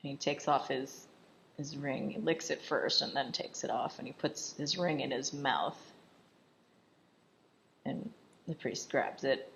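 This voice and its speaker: A woman's voice: a bass voice, a little slow, vocal fry, long pauses, a bit bright. A woman casually recapping a film in chatty commentary, saying "like" constantly and laughing often. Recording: dull lo-fi voice recording.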